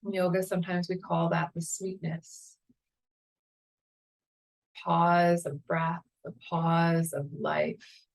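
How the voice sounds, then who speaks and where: A woman yoga teacher leading a guided meditation in a slow, calm, soothing way. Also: lowish voice, vocal fry, poor audio. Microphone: camera mic, seated on a chair.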